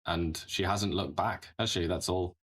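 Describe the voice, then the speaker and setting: A man with a very low, deep voice chats casually as a political talk show co-host. He rambles, chuckles partway through sentences and often closes a point with a tag question. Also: fairly even intonation, measured pace, a bit bright, breathy edge.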